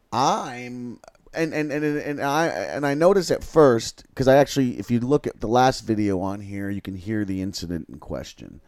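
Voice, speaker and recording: A man hosting a livestream, telling a long, halting, rambling story with crude swearing. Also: on the low side, darkish tone, no room sound. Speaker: livestream host.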